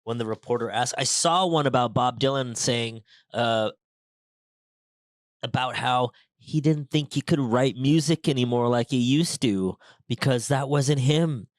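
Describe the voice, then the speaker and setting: A man hosting a show, chatting casually and reading passages aloud, animated and quick to interrupt himself. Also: mid-range voice, no echo. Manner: animated, excitable, self-interrupting. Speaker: podcast host.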